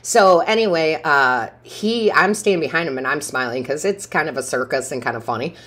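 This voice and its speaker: A woman's voice: deep voice, animated, brisk, fairly bright tone. A woman giving a casual tarot reading, talking in a chatty storytelling way and laughing often. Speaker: tarot reader.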